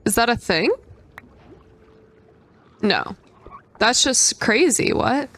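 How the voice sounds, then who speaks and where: A young adult woman giving gameplay commentary, excitable and prone to squealing outbursts. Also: fairly high pitch, takes it slowly. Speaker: gaming creator.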